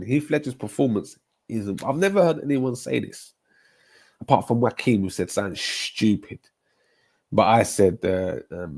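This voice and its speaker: A man, chatting casually on a live stream, animated and rambling, often repeating himself. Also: on the low side. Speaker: football streamer chatting with viewers.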